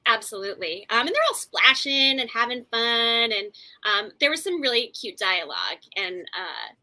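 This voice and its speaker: A woman's voice: a little high, sing-song, normal speed, pushed and bright. A woman co-hosting a podcast, chatting casually as she recaps a TV episode with plenty of fillers and asides. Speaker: podcast co-host.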